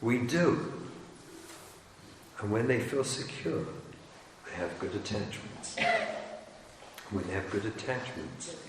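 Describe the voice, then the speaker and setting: A man's voice: fairly low pitch, expressive, takes it slowly, pauses often. A man, a rabbi, lecturing parents in an emphatic, wry, teasing way. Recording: echoey hall with faint noise.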